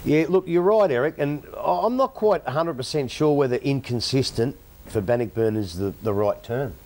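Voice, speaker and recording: Blunt Australian footy panelist. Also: male voice, medium pitch, animated, normal speed, a little mellow. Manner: blunt, opinionated. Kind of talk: sports panel commentary.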